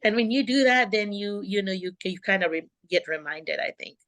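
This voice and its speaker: A middle-aged woman, coaching teachers on a video call and acting out a calm classroom voice. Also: mid-range voice, a little fast. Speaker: host and teacher mentor.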